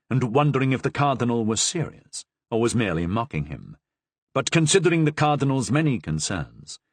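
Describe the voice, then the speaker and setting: Male audiobook narrator, expressive, dry close-mic read. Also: medium pitch, no echo. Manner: expressive, measured reading. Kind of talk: scripted narration.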